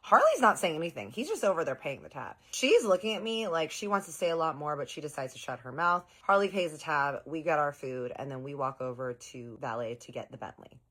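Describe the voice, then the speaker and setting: A woman's voice: deep voice, very animated, brisk, few pauses, fairly bright tone. A woman telling a story in a casual, gossipy, sarcastic way, with swearing.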